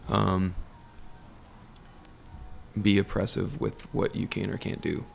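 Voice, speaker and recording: A man who manages a bar, talking as a podcast guest in a relaxed, laid-back way. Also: sits low, takes it slowly, vocal fry, a little hiss or hum. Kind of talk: casual conversation.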